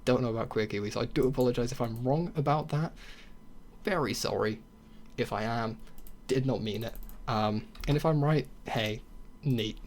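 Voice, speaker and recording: A man's voice: mid-range voice, normal speed, a little mellow, a little hiss or hum. A young man hosting a casual solo podcast, talking bluntly with swearing and sarcastic mocking asides. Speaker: podcast host.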